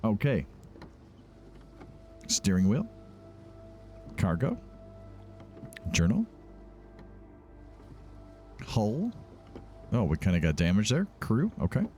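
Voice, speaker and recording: Man, low voice, lively pitch, casual let's-play commentary, reads game text aloud, faint music. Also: slow, pauses often. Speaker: gaming video host.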